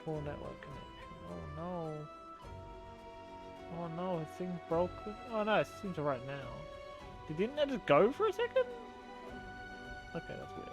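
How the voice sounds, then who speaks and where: A man's voice: high voice, sing-song, moderate pace, pauses often, over music. A man streaming a game, chatty and giggly, swearing casually as he plays. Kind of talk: casual live-stream commentary.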